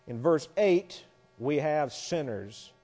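Man, Bible class lecture, slightly high voice, explanatory, dry humorous asides, long hall echo. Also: lively intonation, slow, warm tone, faint music behind. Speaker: Bible teacher.

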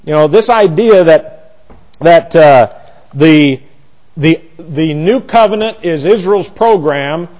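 A man's voice: takes it slowly, rough recording. A man preaching an expository Bible sermon, emphatic, with rhetorical questions and repeated words. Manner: animated pitch jumps for emphasis. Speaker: pastor.

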